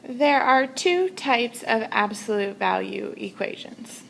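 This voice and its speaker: Woman math teacher, unhurried, stresses key words, recorded lesson. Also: fairly high pitch, animated, gravelly, a bit bright, slight background noise.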